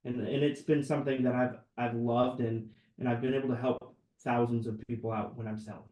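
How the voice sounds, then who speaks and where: A man's voice: mid-range voice, level tone, fairly quick, dark tone, reverberant, low-quality recording. A man co-hosting a sales webinar from an office room, earnest and enthusiastic as he tells stories about customers. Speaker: sales lead and webinar co-host. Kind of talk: casual webinar chat.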